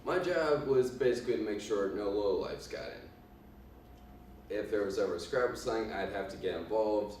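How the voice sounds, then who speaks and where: A man playing a cocky 1920s gangster boss in a class presentation, with a put-on Italian accent, talking haltingly with many ums and uhs. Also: on the low side, darkish tone, a little hiss or hum, lightly acted. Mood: boastful. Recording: echoey room from far off.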